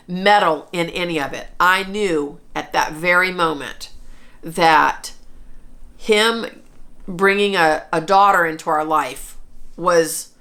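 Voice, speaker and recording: A woman's voice: fairly low pitch, sharp tone. A woman in her forties telling a personal story to camera, earnest and chatty, with frequent restarts. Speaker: vlogger.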